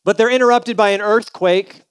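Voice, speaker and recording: High-voiced man preaching with easy humor. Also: fairly even intonation, moderate pace, clean tone, dry recording. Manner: conversational, humorous storytelling. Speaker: pastor. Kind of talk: sermon.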